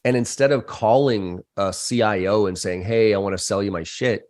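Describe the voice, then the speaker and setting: A middle-aged American man with a fairly low voice tells stories in a blunt, casual way. He swears freely and swings his pitch up high when he acts out other people's lines. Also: normal speed. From United States. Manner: animated, profane, acts out quoted voices with big pitch jumps. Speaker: sales trainer and podcast guest. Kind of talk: candid conversational storytelling.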